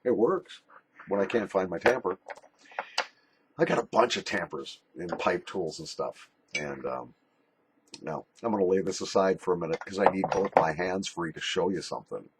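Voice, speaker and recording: A man's voice: sits low, animated, normal speed, background noise. An older man recording a casual video letter as a pipe and snuff YouTuber, jokey, rambling and a little bawdy.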